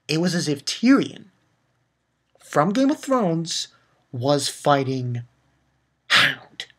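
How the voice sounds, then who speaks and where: A man giving a casual spoken review of a comic chapter, retelling it excitedly with swearing and lots of fillers. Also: fairly high pitch, takes it slowly, husky. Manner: excitable, loose and profane, with many fillers. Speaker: manga reviewer.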